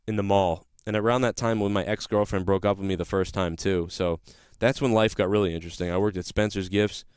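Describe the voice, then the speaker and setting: A young man rambles through a personal story, swearing freely and restarting his sentences as he goes. His voice sits low, with a smooth, clear tone. The sound is dry and close, with no room echo. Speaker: podcast host. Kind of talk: casual storytelling monologue.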